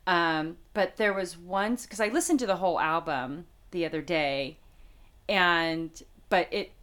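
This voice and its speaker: A middle-aged woman from Las Vegas, a guest telling a personal faith story in a heartfelt, halting way with many fillers. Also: lowish voice, fairly bright tone. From Las Vegas, United States. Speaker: interview guest. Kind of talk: personal faith testimony in conversation.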